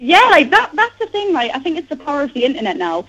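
A woman's voice: sits high, sing-song, fast, fairly bright tone, dull audio. A woman guest singer in a casual radio interview, bubbly and giggly.

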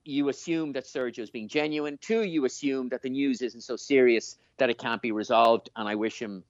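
A man co-hosting a podcast in casual chat, talking by himself in a room, animated and rambling with lots of fillers and restarts. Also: mid-range voice, moderate pace, dry recording. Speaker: podcast co-host. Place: room on his own. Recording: slightly dull, dry lo-fi sound.

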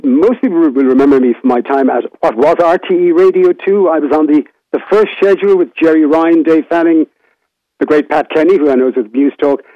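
A man's voice: on the high side, dry recording. A man in his sixties with a Limerick Irish accent, a radio broadcaster reminiscing casually as a phone guest, rambling with many restarts. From Ireland. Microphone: telephone. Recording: tinny phone line.

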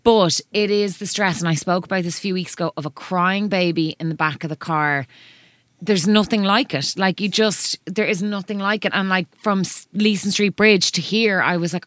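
A woman's voice: lowish voice, moderate pace, dry recording. A woman in her thirties with an Irish accent, co-hosting a podcast in casual chat and telling a story while stopping and restarting herself. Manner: chatty, self-interrupting storyteller. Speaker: podcast co-host. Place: radio studio.

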